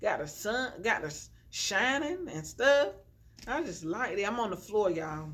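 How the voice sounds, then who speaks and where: A woman's voice: mid-range voice, sing-song, measured pace, a bit bright. A young adult woman vlogging to her phone from the floor at home, chatty and preachy, encouraging her viewers. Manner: chatty and preachy, constantly saying y'all. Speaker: inspirational vlogger. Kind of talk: casual encouraging talk to camera. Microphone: phone on a tripod with ring light.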